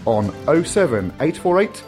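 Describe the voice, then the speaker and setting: Radio guy reading contact info deadpan, bit higher voice, faint music behind. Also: moderate pace. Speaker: radio show co-host. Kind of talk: jokey contact-details read-out.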